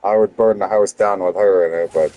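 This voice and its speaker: A man's voice: low voice, steady tone, fairly quick, mellow, low-quality recording. A young man, a streamer telling a heated story to his chat, swearing often and restarting his sentences.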